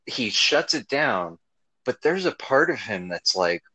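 A man's voice: mid-range voice, very animated, a little slow, sharp tone, slightly rough, no echo, low-quality recording. A man co-hosting a podcast, gushing enthusiastically about a show and swearing freely. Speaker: podcast co-host. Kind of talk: casual chat.

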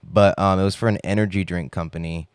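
A man's voice: sits low, steady tone, fast talker, smooth, no echo, studio quality. A young man rambling in a casual, profane monologue full of filler words.

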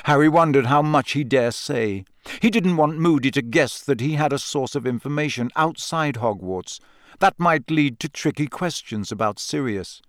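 Guy reading an audiobook, steady mid-pitched voice, dead dry sound. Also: normal speed, no echo. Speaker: audiobook reader. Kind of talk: scripted narration.

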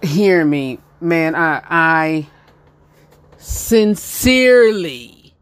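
Slow and smooth, his voice sitting high, a Southern-accented man from North Carolina hosts his own show in relaxed solo chat, laughing often and saying things more than once.

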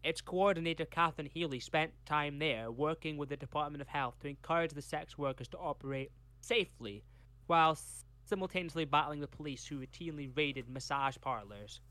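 A man's voice: fairly high pitch, a little fast, bright, forceful tone, dry recording. A Scottish man co-hosting a podcast, reading case notes from a script and breaking off for chatty tangents. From Scotland. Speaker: podcast co-host.

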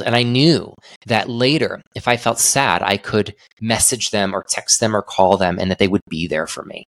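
A man's voice: lowish voice, vocal fry, fairly bright tone, no echo, studio quality. A young adult man hosting a solo podcast, talking in an earnest, reflective way with frequent restarts. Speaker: podcast host.

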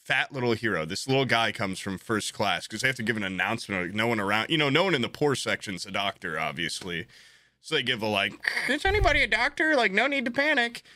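A man in his late twenties telling a story in casual chat, animated, swearing freely and acting out what people said. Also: fairly low pitch, fast talker, dry recording.

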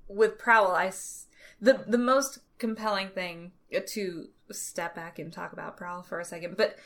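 A woman's voice: lowish voice, steady tone, a little slow. A young woman co-hosting a casual podcast about comics, enthusiastic and laughing often as she gushes about the story. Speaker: podcast co-host.

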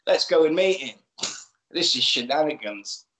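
Animated man, echoey room. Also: fairly high pitch. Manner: animated, acts out lines in quick put-on voices. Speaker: podcast co-host. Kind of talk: casual chat, retelling a film.

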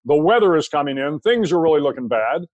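An older American man, a guest in an interview, telling a long anecdote in a relaxed, conversational way with frequent restarts. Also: fairly high pitch, fast, no echo, lo-fi sound. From United States. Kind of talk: storytelling anecdote.

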